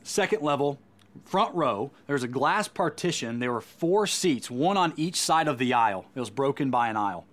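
A man's voice: mid-range voice, lively intonation, normal speed, fairly bright tone. A man delivering a sermon as a Christian speaker, earnest and emphatic, often repeating words as he goes.

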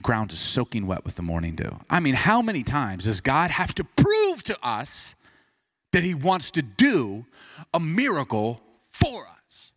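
Male preacher, mid pitch, animated sermon storyteller. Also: a little slow. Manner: animated storytelling with sudden drops to quiet intensity.

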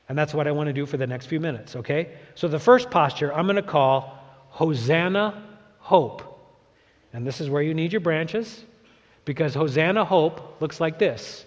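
A man preaching a sermon as pastor, animated and dramatic, acting out crowd shouts. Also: on the high side. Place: church sanctuary. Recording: long church reverb.

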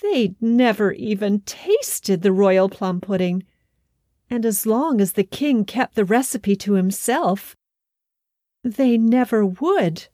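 Slow expressive woman storyteller. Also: mid-range voice, dry recording, studio quality. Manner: gentle, expressive, folksy asides. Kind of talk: storybook narration.

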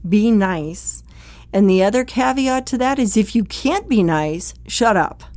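A woman's voice: mid-range voice, animated, a little slow, a little mellow, no room sound. A woman giving a direct, conversational talk that coaches first responders on how they speak at home, acting out quoted exchanges along the way. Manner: direct, plain-spoken, acts out quoted exchanges.

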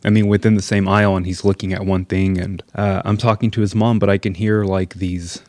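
A man in his thirties telling a comic story about his son in a casual, animated way, swearing, laughing often and dropping into whispers. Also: low-pitched, brisk, dry recording. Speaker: storyteller, father.

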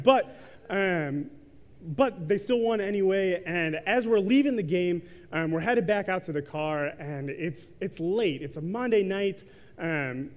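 A man in his thirties preaching a sermon in a church, telling a story casually with lots of ums and likes. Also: sits high. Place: church sanctuary. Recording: reverberant church hall.

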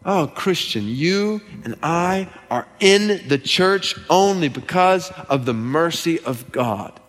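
Earnest preacher in a reverberant hall. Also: male voice, on the high side, animated, slow, fairly bright tone. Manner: earnest, emphatic, repeats key lines for stress. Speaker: pastor. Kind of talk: expository sermon. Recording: long reverb from a large hall.

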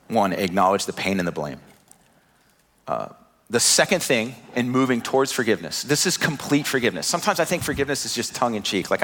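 A man's voice: lowish voice, animated, a little fast, fairly bright tone. A man in his thirties preaching a sermon, earnest, repeating words and rising in emphasis. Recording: long hall reverb.

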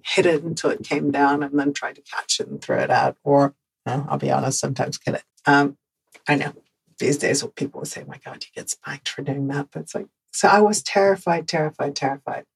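A woman from the Netherlands with a Dutch accent, hosting a podcast and telling a personal story in an animated way, repeating words for emphasis and laughing often. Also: sits low, fairly quick, vocal fry, husky, rough recording. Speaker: podcast host.

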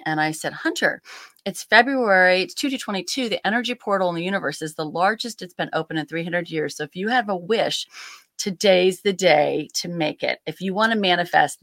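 A woman's voice: lowish voice, normal speed, fairly bright tone, dry recording, clean studio sound. A middle-aged woman, a podcast guest, telling a family story with eager enthusiasm and setting the scene. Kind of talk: casual storytelling.

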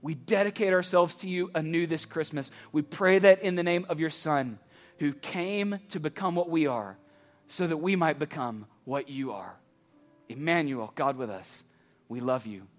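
A man preaching a sermon as pastor, building to passionate near-shouts and then dropping low and quiet. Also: normal speed. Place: church campus.

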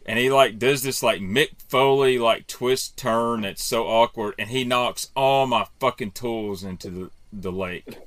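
A man in his thirties telling a long fishing story in a casual, animated way, with swearing and self-deprecating asides. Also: medium pitch, measured pace. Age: 30s. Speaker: podcast panelist.

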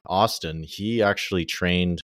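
Deep-voiced young man explaining casually. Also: measured pace, no echo, clean studio sound. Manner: relaxed, explanatory, speaks in loose casual phrasing. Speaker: ghostwriter guest. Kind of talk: casual podcast interview.

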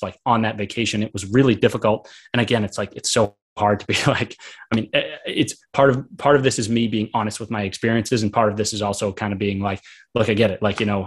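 A young man with a husky, somewhat low voice tells a personal story with open, earnest candor. He rambles along, leaning on fillers as he works through his thoughts. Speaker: author and guest.

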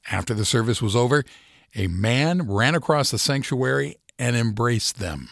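A male reporter narrating a news feature in a measured, scripted storytelling delivery. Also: mid-range voice, lively intonation, gravelly, no room sound, studio quality.

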